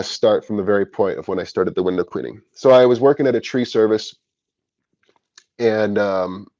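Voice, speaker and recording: A man's voice: on the low side, dark tone, dry recording, dull audio. A man casually telling a rambling personal story about starting his window cleaning business, correcting himself often and swearing now and then.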